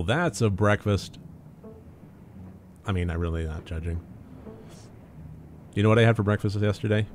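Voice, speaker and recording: A man's voice: on the low side, vocal fry, a little mellow, a little hiss or hum. Joking man narrating a story game. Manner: jokey, swears casually, laughs. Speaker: let's play streamer. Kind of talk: reading narration and casual commentary.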